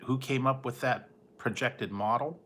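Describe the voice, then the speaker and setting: Male streamer, loose chatty ramble, quick to laugh. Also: mid-range voice, a bit bright. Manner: rambling, laughs often, mimics people in goofy voices. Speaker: livestream host. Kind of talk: casual late-night livestream chat.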